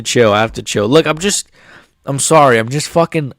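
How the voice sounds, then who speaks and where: A young man giving a profane, heated fight reaction as an MMA YouTuber, often swearing and rising into shouts. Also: mid-range voice, normal speed, no echo, clean studio sound.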